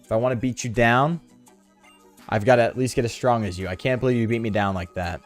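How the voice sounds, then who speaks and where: A man's voice: medium pitch, fairly even intonation, brisk, faint music behind, natural voice. Man reading as a brooding teen rival. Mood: resolute. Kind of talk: reading game dialogue aloud.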